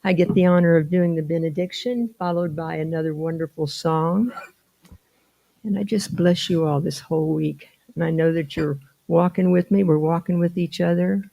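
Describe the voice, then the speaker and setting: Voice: medium pitch, steady tone, moderate pace, gravelly, warm tone, muffled recording. A board member leading a church benediction, speaking in rhythmic, repeated affirmations.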